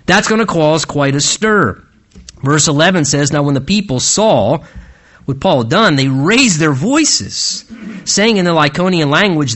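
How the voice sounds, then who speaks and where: Pastor, male, sermon delivery; bright, slightly high voice with dramatic swings from loud peaks to hushed lows. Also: animated. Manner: swings between soaring emphasis and hushed low phrases; earnest and emphatic, with drawn-out slow stresses.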